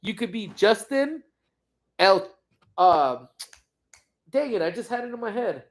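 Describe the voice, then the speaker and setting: A man's voice: high-pitched, animated, unhurried. A man hosting a casual livestream from home, reading viewer comments and rambling along with jokes and teasing. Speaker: livestream host.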